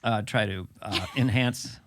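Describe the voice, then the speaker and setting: A man in his sixties hosting a casual comedy podcast, playful and quick to drop into little impressions. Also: fairly low pitch, a bit bright. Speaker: podcast host.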